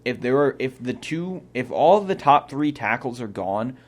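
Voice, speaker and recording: A man's voice: medium pitch, lively intonation, moderate pace. A young man co-hosting a casual sports talk show from a small studio, thinking aloud with opinionated restarts. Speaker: co-host.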